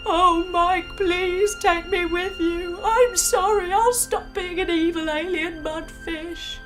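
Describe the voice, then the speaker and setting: A woman's voice: high voice, slow pace, fairly bright tone, faint music behind. Snarge, a woman doing a selfish alien mudfish. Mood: pleading. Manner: gloating, then pleading. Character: evil male alien mudfish, selfish then sorry.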